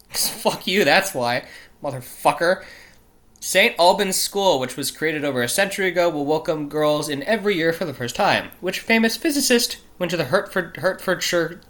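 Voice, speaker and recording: His voice sits fairly high, with lively intonation, normal speed and a somewhat bright tone. The host, not British, reads news quiz questions on a casual solo show, fumbling place names, breaking off mid-thought, and swearing in exasperation.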